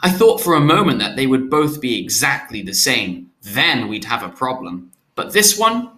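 Guy doing a soft sing-song dad voice, baby-talking to a newborn, lots of swoop. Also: medium pitch, very animated, normal speed, reverberant. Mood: cheerful. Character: gentle adult male nurturer cooing over newborns.

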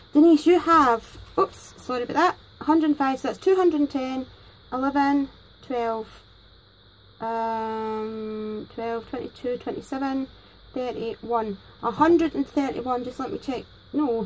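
A Scottish woman hosting a crafting vlog, gushing excitedly and a bit nervously over gifts. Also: high-pitched, rough recording. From Scotland. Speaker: crafting channel host. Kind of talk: casual unboxing vlog.

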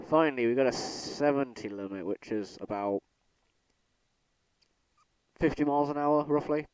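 A man's voice: mid-range voice, a little slow, pauses often, darkish tone, clean tone, no echo. A young man giving casual commentary while playing a train game, often exasperated and grumbling, stammering when annoyed. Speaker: gaming channel host.

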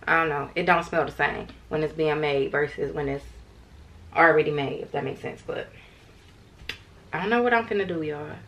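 A woman's voice: low-pitched, normal speed, long pauses, fairly bright tone, muffled recording. A young woman vlogging in a casual, rambling way, tired and chatting to her viewers as "y'all". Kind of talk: casual vlog chat to camera.

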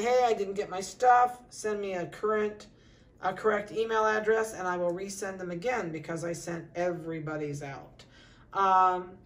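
A middle-aged woman dog breeder in a casual puppy update, cooing softly to the litter and giving brisk practical notes to buyers. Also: medium pitch, distant mic. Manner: coos softly to puppies, then gives brisk practical notices to buyers.

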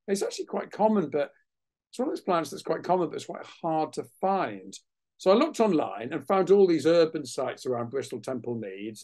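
A man, a naturalist guest on a webinar, telling a lively anecdote over a video call and acting out other people's voices. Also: on the high side. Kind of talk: anecdotal storytelling in a webinar interview.

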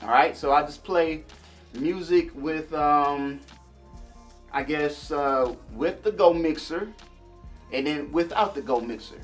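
A man casually demonstrating and reviewing a small audio mixer for his viewers, chatty and relaxed. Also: a little high, slow, faint music behind. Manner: laid-back, chatty, addresses viewers as y'all and man. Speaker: gear reviewer. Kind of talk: casual product demo vlog.

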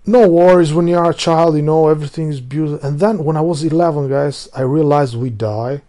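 A native Albanian speaker from Albania rambles in a casual vlog monologue, voice mellow and a little high, pace a little fast. He curses freely and often loses his thread, restarting sentences.

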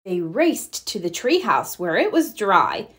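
Slow, expressive woman reading a children's story. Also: mid-range voice. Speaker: storybook reader. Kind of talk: children's read-aloud narration.

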